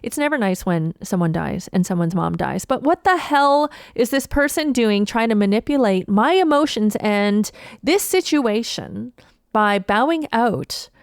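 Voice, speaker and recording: A woman from Toronto, a comedian telling a story on her podcast in an animated, indignant and profane way. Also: mid-range voice, measured pace, vocal fry, smooth, no room sound, clean studio sound. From Toronto, Canada. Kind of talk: storytelling monologue.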